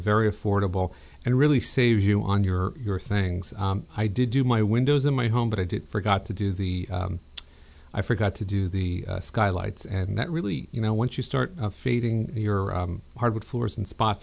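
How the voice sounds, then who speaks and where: A middle-aged man hosting a call-in home design advice show, chatty and relaxed, with many fillers and restarts. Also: on the low side, gravelly. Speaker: radio show host, interior designer.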